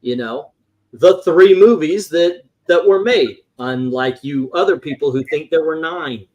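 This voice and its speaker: A man with a fairly high voice hosts a casual film chat. He talks in an animated, loose way and swears freely now and then. His delivery is excitable and conversational. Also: a little slow. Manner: animated, swears casually, reads movie quotes aloud. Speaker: podcast co-host. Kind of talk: casual chat about classic films.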